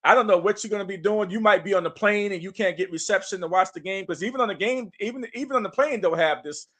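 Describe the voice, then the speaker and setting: A man with a high, bright voice co-hosts a casual basketball podcast. He talks in punchy, emphatic bursts and hypes the game up. His tone has a forceful edge. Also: fast. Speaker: podcast co-host. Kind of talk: casual sports talk.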